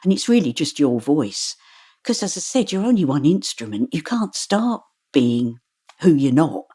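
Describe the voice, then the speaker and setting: A middle-aged woman, an audiobook narrator, talking in an interview in a chatty, animated way and laughing often. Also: low-pitched, moderate pace, husky. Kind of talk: interview conversation.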